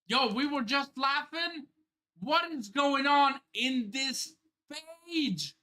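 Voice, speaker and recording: A man reading a manga chapter aloud on a live stream, reacting with excited outbursts and casual swearing. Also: very high-pitched, slow pace.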